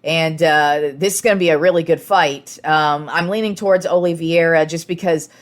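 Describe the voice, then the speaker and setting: A woman's voice: low-pitched, moderate pace. A young woman hosting a casual sports podcast, talking frankly and with plenty of filler words.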